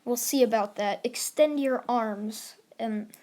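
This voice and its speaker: A woman's voice: on the high side, slow pace, darkish tone. A woman voicing a curt, stern male teacher.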